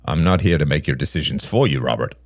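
A man playing a scornful middle-aged father with a gruff, mocking manner in a read-aloud story. The voice is deep, swings through wide, lively pitch, and sits in a dry space right on the mic. He snaps and sneers at his son. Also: fast talker, dry recording, full character voice. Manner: gruff, mocking, laughs harshly.

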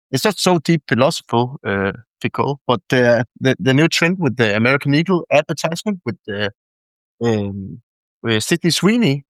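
A man's voice: medium pitch, no room sound, poor audio. Rambling male caller. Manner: rambling, halting, many fillers. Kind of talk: call-in question.

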